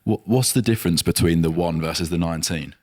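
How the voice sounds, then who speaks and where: A man's voice: low voice, fast, a little mellow, in a large hall. A man hosting a podcast interview, asking reflective, probing questions. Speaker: podcast host.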